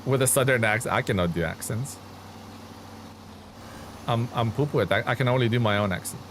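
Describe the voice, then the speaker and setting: A man's voice: mid-range voice, a little fast, a bit bright, a little hiss or hum. A young man streaming a driving game, chatting casually and answering viewers' comments as he plays. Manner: chatty, reads chat aloud and answers viewers.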